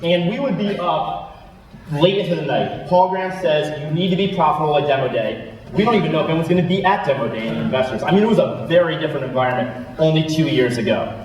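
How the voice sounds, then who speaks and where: Brief: young male founder, animated storyteller, fairly high voice, captured from afar in a very echoey hall. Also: distant mic. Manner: animated, self-deprecating storytelling with quick asides. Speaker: startup founder giving a talk. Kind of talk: storytelling keynote talk. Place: large lecture hall.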